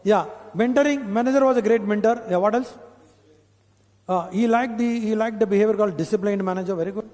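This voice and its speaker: A man's voice: high voice, brisk, a little mellow. A man with an Indian English accent leading a corporate training session, talking in a conversational way, repeating his points and checking in with the audience. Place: training hall. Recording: long hall reverb.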